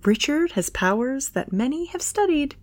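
A woman reading a dry, teasing young man with a slightly lowered voice in a romance story. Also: very animated, normal speed, dry recording. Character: young adult man, dry, joking, easygoing.

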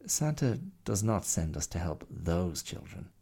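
A man's voice: sits low, sing-song, unhurried, creaky, warm tone, husky, heavily acted. A man voicing a proud, fussy little male bear in a storybook reading, speaking in a prim, matter-of-fact way.

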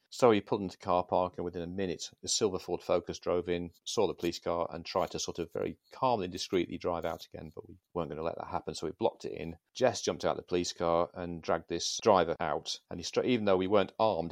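Deep-voiced storyteller, dry and close. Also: male voice, dry recording. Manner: measured, dry storyteller with hesitations. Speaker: guest, former police sergeant. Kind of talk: anecdotal storytelling.

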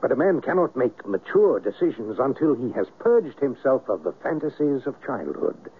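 An actor playing a mysterious, commanding foreign hypnotist in a 1970s radio drama, with a purring, theatrical delivery. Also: male voice, mid-range voice, big pitch swings, normal speed, husky. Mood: sly. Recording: tinny lo-fi radio broadcast.

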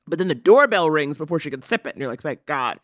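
A woman co-hosting a casual chat, retelling a movie with animated emphasis. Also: deep voice, rapid-fire, dry recording, clean studio sound. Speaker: podcast co-host.

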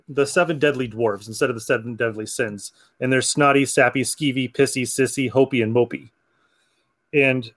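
A man hosting a comic book podcast, chatting casually, laughing often and acting out lines from comics. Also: mid-range voice. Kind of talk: casual chat.

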